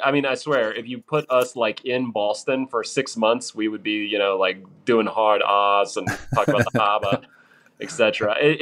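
A man's voice: mid-range voice, a bit bright. A man in his thirties from Arkansas with a vague mid-Atlantic accent, a podcast guest chatting casually and rambling through asides. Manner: rambling, full of "you know" and "like" asides.

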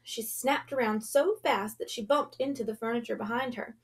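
A woman reading a children's novel aloud in a gentle storytelling manner, going soft and hushed at tense moments. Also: fairly high pitch, moderate pace. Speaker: audiobook reader.

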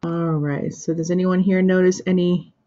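A woman teaching a pronunciation lesson to an imagined class, pausing for their answers and using plenty of fillers like "uh" and "um". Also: fairly low pitch, level tone, warm tone. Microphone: screen recorder with built-in microphone. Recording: dull lo-fi screen recording.

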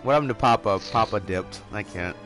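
A man's voice: fairly low pitch, fairly quick. A man streaming a monster hunting game live, chatting casually with a friend, cursing a lot and laughing, with faint music behind. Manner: profane, excitable, laughs often. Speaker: gaming streamer. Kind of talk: casual live gameplay chat.

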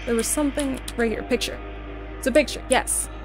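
Young woman playing a horror game, high voice, jumpy and cussing, game music clear behind her. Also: fairly even intonation, fairly quick. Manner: jumpy, exclaiming and swearing at the game. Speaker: gaming streamer. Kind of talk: horror game let's play commentary.

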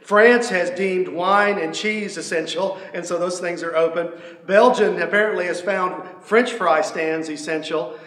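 A man's voice: high voice, steady tone, unhurried, fairly bright tone. Earnest middle-aged male pastor preaching. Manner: earnest preaching, acts out quoted prayers and speakers. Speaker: senior pastor. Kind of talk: sermon. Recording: echoey room.

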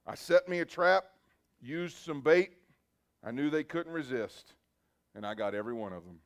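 A man's voice: fairly high pitch, lively intonation, normal speed. A man voicing a gloating, boastful male devil in a sermon story, with a sneering, drawling delivery.

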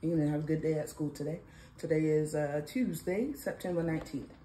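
At home one morning, a mother and vlog host jokes with her son in a playful, sing-song tone. Her voice is low-pitched and warm, a little fast, and the phone captures an echoey room and faint background noise.

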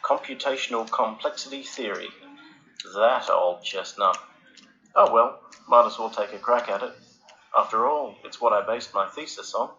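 A man voicing a cheerful, curious gentleman mathematician in a storybook, formal and inquisitive in manner. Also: on the low side, moderate pace, highs cut off. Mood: wry.

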